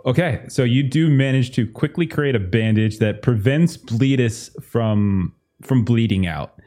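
A man's voice: mid-range voice, unhurried, warm tone. A man narrating as game master of a tabletop game, casual, with many fillers and restarts.

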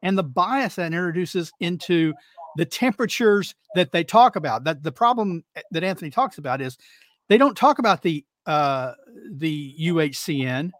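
A man on a discussion panel who rambles and keeps restarting his sentences, his voice rising high and jumping around. The sound is dry with no room echo. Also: moderate pace. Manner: rambling, animated, restarts often.

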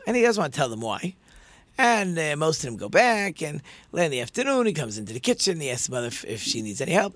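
A man's voice: fairly high pitch, big pitch swings, fairly quick, a bit bright, no room sound. A man telling a story in a conversational sermon, with many fillers and restarts.

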